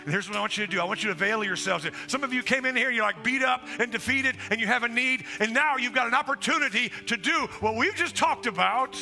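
Male pastor, direct, exhorting sermon delivery; sharp, bright tone over soft music. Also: very high-pitched, fast, creaky, hardly any pauses. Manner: direct, exhorting, quotes scripture. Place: church sanctuary. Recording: music under the voice. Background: band playing softly.

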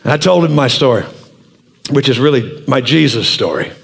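A man in his sixties, a pastor telling a story in a sermon in an animated, earnest way. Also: medium pitch, moderate pace, creaky, slight background noise.

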